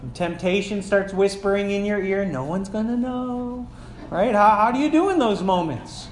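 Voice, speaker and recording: A man in his forties preaches as a pastor, with a voice pitched high for a man. He talks to the congregation in a loose, animated way and leans on rhetorical questions. The room sounds echoey, with a faint hiss underneath. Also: moderate pace. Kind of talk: sermon.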